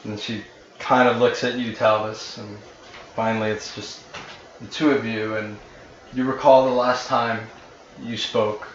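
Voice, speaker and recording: A man's voice: on the low side, level tone, unhurried, a little hiss or hum. A man narrating a tabletop game as game master in a loose, conversational way with many fillers. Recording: roomy, slightly dull recording.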